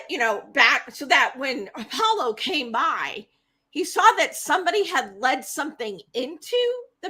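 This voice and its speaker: Animated woman retelling myths. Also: sits high, breathy edge. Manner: animated, chatty retelling with fillers. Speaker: podcast host. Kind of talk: casual myth storytelling.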